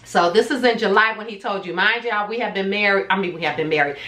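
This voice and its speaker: A woman's voice: mid-range voice, fast talker, bright, forceful tone, reverberant. A woman casually telling viewers a personal story in a chatty, dramatic way, acting out what was said. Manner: chatty, dramatic retelling with quoted voices. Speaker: vlogger telling her own story.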